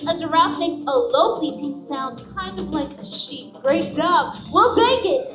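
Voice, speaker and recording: A woman's voice: high-pitched, lively intonation, unhurried. A woman playing an eager, bubbly troupe performer who leads the crowd at a live theme park show. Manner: eager, upbeat crowd-leading. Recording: roomy, from far off, with music.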